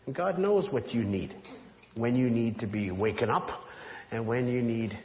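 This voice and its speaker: A man's voice: medium pitch, moderate pace, a little hiss or hum. Man preaching in an echoey hall. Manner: animated, drops to a hushed voice for the whisper. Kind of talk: sermon storytelling. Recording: dull roomy hall sound.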